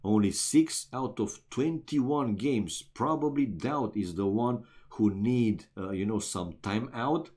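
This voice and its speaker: A man's voice: medium pitch, slow pace, few pauses, darkish tone. A man from Romania casting a strategy game match live, chatting casually with his viewers and calling them "man" and "guys". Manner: chatty, talks straight to chat viewers, many "uh" and "man". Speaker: esports caster.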